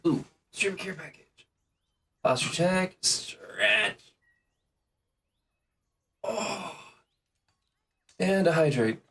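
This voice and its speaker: A man's voice: sits high, expressive, drawn-out words, gravelly, pauses often, bright, forceful tone, husky. A man streaming a video game, chatting casually and reading characters' lines aloud in his own voice.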